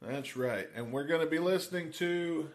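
A man's voice: on the high side, moderate pace, echoey room. A man hosting a podcast, dry and blunt, leading segments and signing off. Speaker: podcast host.

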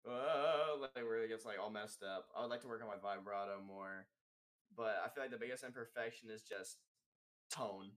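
A man's voice: fairly even intonation, a little fast, a bit bright. A young man, a musician guest on a podcast, talking casually and rambling with filler words and swearing. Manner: rambling, casual, swearing, demonstrates singing in high falsetto.

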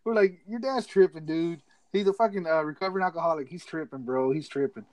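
A man's voice: a little high, fast, a little mellow, no room sound, poor audio. A man casually telling a rowdy story to friends, laughing often and acting out what others said. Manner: laughs through his story, acts out friends' lines.

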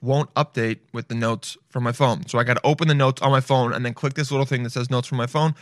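A man talking straight to viewers in a casual, profane monologue, loud and animated, swearing freely. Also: mid-range voice, fast talker, no echo, clean studio sound. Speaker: vlogger.

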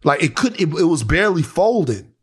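A male podcast co-host from Louisiana telling a story in casual, animated chat, swearing freely. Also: a little high, fairly quick, slightly rough.

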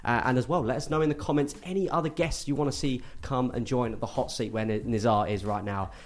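A man's voice: medium pitch, quick pace. A man hosting a football podcast from a studio, upbeat as he thanks the viewers and plugs the channel. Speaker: podcast host. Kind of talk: casual football podcast chat.

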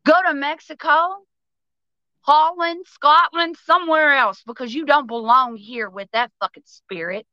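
A woman's voice: sits high, pushed and bright, no echo, lo-fi sound. A woman guest on a podcast, ranting about politics with passion, full of swearing and raised intensity. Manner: passionate, profane, fast-flowing. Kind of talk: heated political rant.

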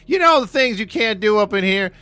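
A man mimicking someone sassily laying down silly house rules, in a raised, louder voice. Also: high voice, expressive, fairly quick, clean tone, dry recording, pitched above the performer's own voice. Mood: sassy.

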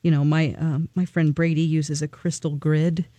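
A co-host on a morning radio talk show, relaxed and laughing between thoughts. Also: medium pitch, normal speed, no echo. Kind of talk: casual radio banter. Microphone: studio microphone.

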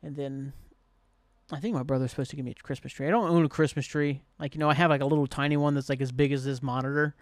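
A man's voice: mid-range voice, fairly even intonation, fast talker, no room sound. Rambling man, casual podcast chat. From Southern Ohio. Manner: rambling, heavy with "like", swears casually. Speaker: podcast host. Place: at home, at his computer desk.

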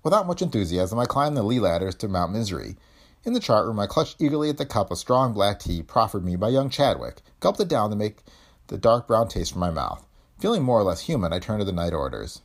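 A man narrating a pulp story as an audiobook, with animated storytelling. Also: fairly low pitch, a little fast.

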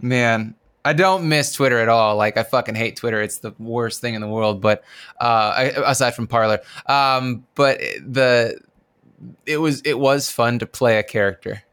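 A man's voice: medium pitch, normal speed, fairly bright tone, clear, resonant tone. A man co-hosting a podcast in casual chat, blunt and swearing often. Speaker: podcast co-host.

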